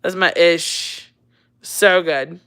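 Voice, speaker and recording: A woman in her thirties chats on a relaxed livestream in an unhurried way. Her voice is bright and smooth, and she laughs easily as she reads and answers viewer comments. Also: fairly low pitch. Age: 30s. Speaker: livestream host. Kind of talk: casual livestream chat.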